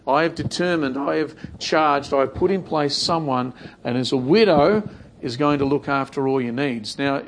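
Conversational male preacher, slightly high voice. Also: normal speed, a little hiss or hum. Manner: conversational, repetitive, voices imagined prayers. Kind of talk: sermon.

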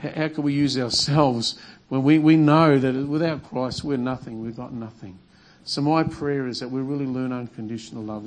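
Pastor, man, mid-pitched voice, earnest sermon delivery with repeated phrases.

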